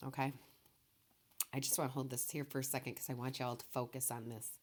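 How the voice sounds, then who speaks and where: A woman giving a tarot reading, who talks softly and reassuringly and keeps checking in with "okay". She is emotional and close to tears, and her voice stays low and quiet. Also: level tone, fairly quick. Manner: soft-spoken, emotional, reassuring, says okay often. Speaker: tarot reader.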